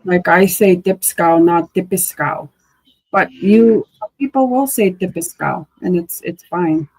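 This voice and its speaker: A woman teaching a language lesson, slowly sounding out syllables and words in casual drills. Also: fairly low pitch, animated, a little mellow, husky, poor audio. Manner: slow, drawn-out syllable drills.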